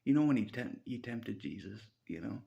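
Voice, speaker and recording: Gravelly low-voiced man, chuckling. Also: lively intonation, normal speed, muffled recording. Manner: chuckling often, swearing, filler-heavy. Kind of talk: rambling spiritual monologue.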